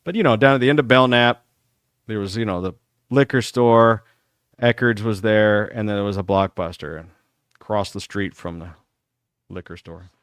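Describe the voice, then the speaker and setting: A middle-aged man hosting a talk show, telling rambling, profane stories about his school days in a casual, animated way. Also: lowish voice, normal speed, pauses often, clear, resonant tone, no echo, studio quality. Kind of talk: casual storytelling.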